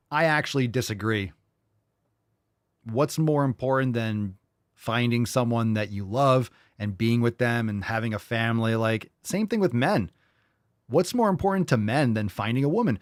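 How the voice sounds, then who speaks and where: A male podcast host talks through clips on a livestream in a blunt, profane and mocking way. His voice sits at an ordinary pitch for a man. The sound is dry and close, with no room echo. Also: moderate pace. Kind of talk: livestream reaction commentary.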